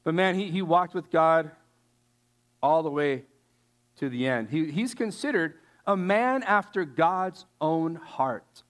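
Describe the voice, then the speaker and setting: Man, casual sermon, fairly high voice, animated, slangy, lots of fillers. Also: takes it slowly. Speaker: youth speaker.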